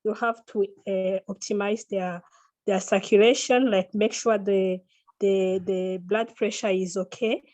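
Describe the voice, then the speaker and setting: A woman's voice: mid-range voice, steady tone, unhurried, warm tone. A woman on a medical panel gives direct, practical advice about caring for critically ill patients. She speaks plainly and fills her sentences with uhs and likes as she works through each point. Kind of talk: expert panel discussion.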